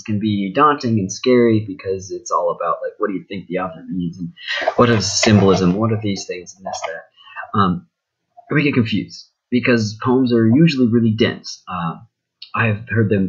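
A young male teacher talks through a recorded lesson in a loose, rambling way, full of fillers and asides. His voice is low and a little husky. The recording sounds dull and lo-fi.

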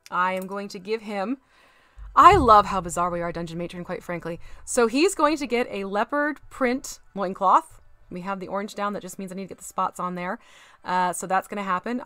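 A woman's voice: mid-range voice, pushed and bright, dry recording. A woman with a Southern American accent chatting casually with her live-stream viewers while painting a miniature, giggly and playful. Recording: faint background music.

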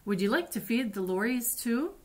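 A woman reading the lines of an eager little city girl who loves animals, in a bright storybook voice. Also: on the high side, expressive, moderate pace, slight background noise, natural voice.

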